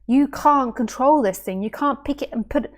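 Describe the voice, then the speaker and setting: A woman with a slightly raised voice speaks as a non-duality teacher, thinking aloud in an unscripted spiritual talk. She is playful and animated, asking rhetorical questions and slipping into little acted-out voices to make her point. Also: high-pitched, normal speed. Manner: musing, asks rhetorical questions.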